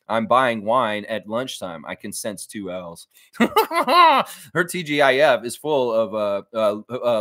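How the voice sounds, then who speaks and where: A man's voice: on the low side, no echo, clean studio sound. A man hosting a casual fan livestream, reading viewer comments aloud and joking, slipping into silly voices now and then. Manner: animated, jokey, puts on voices mid-sentence.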